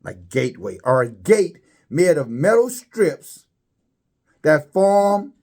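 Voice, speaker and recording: A man preaching a religious commentary, halting and repeating words, his voice climbing high when he stresses a point. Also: big pitch swings, darkish tone.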